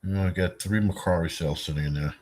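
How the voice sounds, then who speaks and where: Older male streamer, worn out and yawning, husky voice, loose profane chat with viewers. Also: deep voice, fast talker, a little mellow. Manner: rambling, profane, chatting with viewers. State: tired, yawning. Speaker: livestream host. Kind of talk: casual late-night livestream chat.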